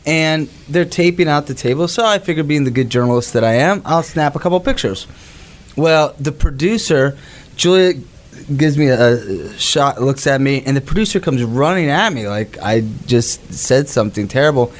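A man's voice: on the high side, lively intonation, normal speed. Flu-sick man telling a rambling story. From Florida Gulf Coast. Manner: talks around a cough drop, rambling anecdote with quoted asides. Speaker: reporter. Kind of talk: casual podcast storytelling.

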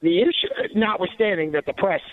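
Man, talk radio commentary, indignant and sarcastic, high-pitched, tinny phone-line sound. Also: a little fast, no echo. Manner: indignant, sarcastic, many restarts.

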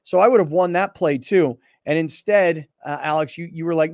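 Chill sports radio guy, kinda high voice, drawls and jokes around, dry studio sound. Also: normal speed, a little mellow, no room sound. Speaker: sports talk show host. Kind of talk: casual sports talk.

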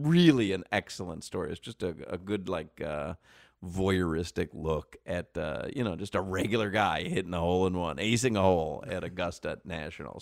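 A man hosting a sports talk radio show, telling rambling stories in an animated way and laughing often, on a close studio mic. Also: sits low, gravelly, no echo.

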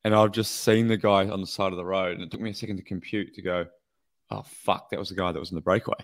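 A former racer recalling a breakaway in wry, laid-back casual chat. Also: male voice, deep voice, steady tone, fast.

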